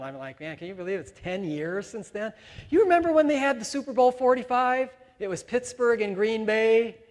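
A pastor preaching a sermon, telling stories with animation and acting out the voices of the people he quotes. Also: sits high. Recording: preaching in a large reverberant hall.

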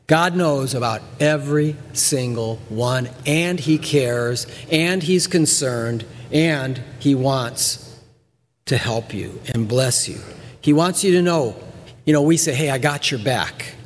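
A male pastor preaching a sermon with animated delivery, acting out voices and repeating words for emphasis. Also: mid-range voice, takes it slowly, big-room sound, a little hiss or hum.

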